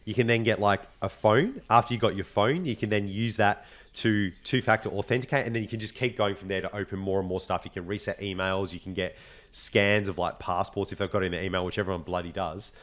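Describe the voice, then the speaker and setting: A young man chatting on a podcast, quick to slip into the voices of the people in his stories. He talks casually and swears without a second thought. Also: on the low side. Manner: animated storyteller, swears casually, acts out quoted voices. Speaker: podcast co-host. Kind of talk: casual chat.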